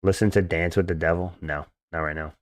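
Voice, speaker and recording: A man's voice: sits low, steady tone, a little fast, no echo. A man live-streaming fights, chatting casually, reading out chat questions and answering them bluntly with crude jokes. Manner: blunt, joking, crude and dismissive.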